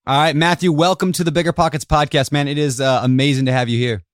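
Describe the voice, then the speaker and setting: A man's voice: fairly high pitch, steady tone, quick pace, dry recording. A man hosting a podcast interview, talking with enthusiasm and many fillers. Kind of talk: casual interview.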